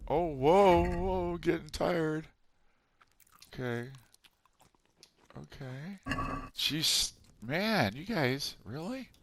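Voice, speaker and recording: A man's voice: on the high side, lively intonation, extremely slow, pauses often, slight background noise. A middle-aged man casually commentating a video game, rambling, amused at himself and chatting to his viewers. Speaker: let's play host.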